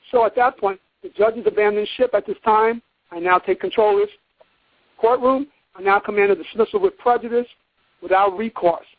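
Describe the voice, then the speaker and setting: Guy with a high voice preaching hard on a call-in, tinny phone sound. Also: dry recording. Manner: emphatic, lecturing, acts out courtroom quotes. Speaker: guest teacher on a call-in program. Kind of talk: call-in lecture. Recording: tinny dry phone line.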